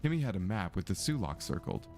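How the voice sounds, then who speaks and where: A man's voice: low-pitched, sing-song, quick pace, a little mellow, soft background music. A man voicing an earnest young woman amateur detective in a mystery game, reading her dialogue steadily in his own voice.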